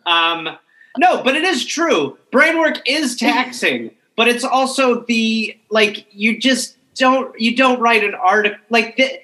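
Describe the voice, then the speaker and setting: Animated man telling a story. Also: extremely high pitch, slow pace, low-quality recording. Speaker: podcast co-host. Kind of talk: casual comedy chat.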